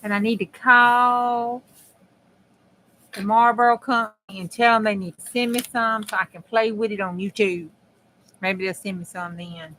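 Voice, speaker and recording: A woman's voice: mid-range voice, fairly even intonation, normal speed, sharp tone, a little hiss or hum, rough recording. A woman hosting a crafting video, chatting in a folksy, homespun way with herself and her viewers as she works. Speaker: crafting channel host. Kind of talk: casual chat while crafting.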